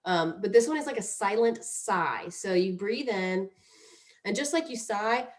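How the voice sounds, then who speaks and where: A woman teaching calming breathing exercises in a chatty, playful way, demonstrating each one aloud. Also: medium pitch, measured pace. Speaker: mindfulness instructor. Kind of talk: casual instructional talk.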